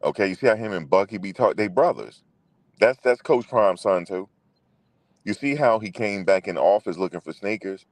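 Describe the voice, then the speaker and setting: This sports show host has a fairly low voice with lively intonation, speaking at a normal speed with no echo. He keeps the casual chat loose and profane, repeats himself, and talks straight to the viewers.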